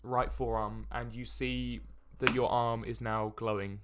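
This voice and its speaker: A young man narrating as dungeon master in a tabletop game, halting with many fillers. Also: mid-range voice, level tone, crowd noise. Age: young adult. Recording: faint background hiss.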